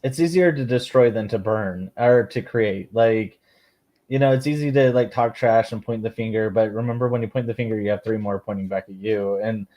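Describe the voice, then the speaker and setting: A man's voice: lowish voice, a little fast, mellow. A man hosting a podcast, chatting casually and rambling with lots of filler words. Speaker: podcast host. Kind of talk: casual chat.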